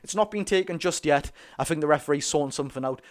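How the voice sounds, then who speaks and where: A man with a Geordie accent giving excited, rapid live football commentary as host of a fan watch-along, cheering his side on. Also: fairly high pitch. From North East England. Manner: talks very fast; animated, cheers players on.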